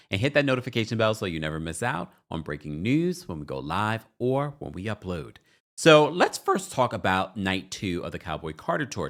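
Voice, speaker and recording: A man's voice: lowish voice, fairly bright tone. A man hosting a pop culture news channel, talking through entertainment stories with emphatic commentary.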